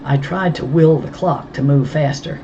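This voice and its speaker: A woman's voice: low voice, moderate pace, vocal fry, warm tone, lo-fi sound, slight background noise. Wry woman reading an audiobook. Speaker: audiobook reader. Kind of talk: first-person audiobook narration.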